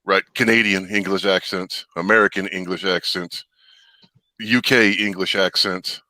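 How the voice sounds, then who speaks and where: A man with a low, bright, forceful voice, chatting casually and rambling through his points. He trips over his words and restarts a lot. The sound is dry and close. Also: fairly even intonation, a little slow, no echo, rough recording. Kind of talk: casual chat.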